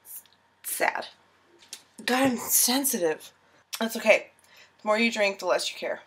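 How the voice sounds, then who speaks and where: A woman's voice: fairly high pitch, lively intonation, measured pace, fairly bright tone, slightly rough. A tipsy young woman filming a casual baking tutorial in her home kitchen, giggly, rambling and self-mocking.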